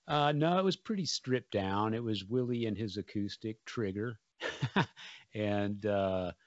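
A man with a very low voice talks easily, drifting through a story with lots of "uh" and restarts. The sound is close and dry, a bit muffled in the highs. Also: unhurried, no room sound. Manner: relaxed storyteller, rambling with fillers. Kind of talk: casual conversation.

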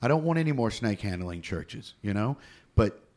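A man co-hosting a casual chat, rambling and animated as he tells stories and laughs. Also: lowish voice, normal speed.

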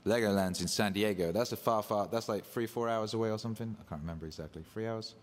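A man hosting a casual livestream, hyped and loose, swearing and shouting out viewers. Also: fairly low pitch, fast talker. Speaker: livestream host. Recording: echoey room with long reverb.

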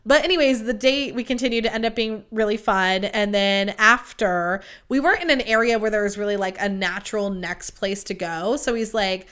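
A woman's voice: mid-range voice, moderate pace, hardly any pauses, smooth. A young adult woman hosting a podcast, telling a dating story in a chatty, profane way and acting out quoted lines. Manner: chatty, profane, quoting others in lively voices. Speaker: podcast host. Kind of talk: casual storytelling monologue.

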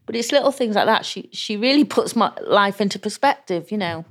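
A woman's voice: medium pitch, expressive, normal speed. A woman guest in a candid interview, talking chattily and acting out the voices of people she quotes. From England.

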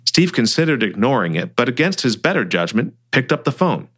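A male author reads his own story aloud with an animated, expressive delivery. His pitch moves freely across a wide range. The tone stays steady in the middle register. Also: brisk, husky. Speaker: author and narrator. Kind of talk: audiobook-style story reading.

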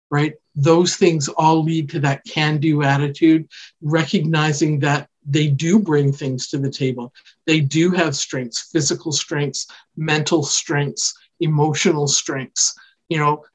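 A woman from Canada talks through parenting advice as a podcast guest. She explains earnestly and conversationally, often checking in with a quick "right?" or "you know". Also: deep voice, husky. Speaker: child development specialist guest.

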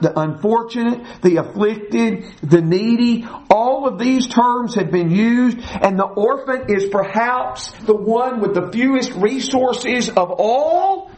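Guy teaching scripture slowly, stressing words, kind of high pitched. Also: low-quality recording. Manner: emphatic, stresses repeated phrases. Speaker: preacher. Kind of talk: verse-by-verse Bible teaching.

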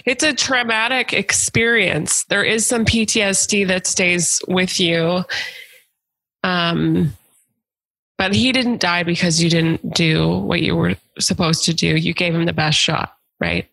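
Gravelly, bright-toned woman podcast host. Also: on the low side, steady tone, a little slow, dry recording, low-quality recording. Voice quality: warm, emotional, effusive. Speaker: supervisor. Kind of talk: casual chat.

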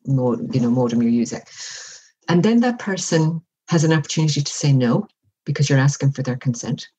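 A woman with a husky, mellow, rumbling low voice speaks in a measured, reflective and expressive way as a workplace wellbeing guest on a conversational podcast interview. She often acts out example dialogue, and the recording quality is low.

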